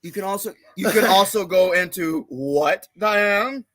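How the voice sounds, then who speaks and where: A man's voice: sits high, unhurried, a bit bright, no echo. A man co-hosting a casual livestream chat, goofy and joking. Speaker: co-host.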